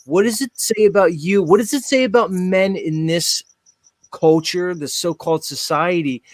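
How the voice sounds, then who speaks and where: A man's voice: high-pitched, normal speed, dry recording. A man hosting a talk show, speaking bluntly with profanity and challenging his guest. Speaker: host. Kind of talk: opinionated talk-show commentary.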